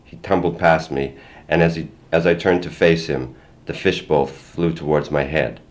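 Older man, first-person story narration, extremely deep voice, plain measured reading. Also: fairly even intonation. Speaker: memoir reader.

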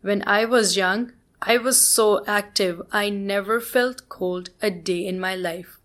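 A woman's voice: medium pitch, fairly even intonation, slow, fairly bright tone. A woman reading the part of an elderly grandmother, stubborn and teasing. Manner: playful, stubborn.

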